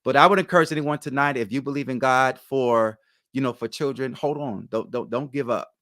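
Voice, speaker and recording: Earnest pastor with a halting delivery. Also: male voice, mid-range voice, fairly bright tone, no echo, studio quality. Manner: halting, frequent ums, earnest. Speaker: pastor, guest. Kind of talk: personal faith testimony.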